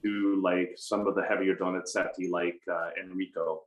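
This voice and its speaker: A middle-aged man with an American accent speaks in a fairly low voice. He tells animated stories with self-mocking humor as a guest in an interview. The sound is roomy, with clear echo around him. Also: normal speed, highs cut off. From United States. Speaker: opera baritone guest. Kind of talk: conversational interview.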